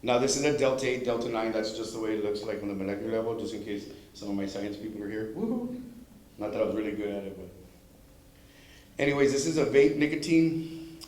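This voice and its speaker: A man's voice: lowish voice, steady tone, fast, darkish tone. Man presenting in an echoey room. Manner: storytelling, acting out quoted speech. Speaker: drug prevention presenter. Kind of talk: informal school presentation. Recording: strong room echo.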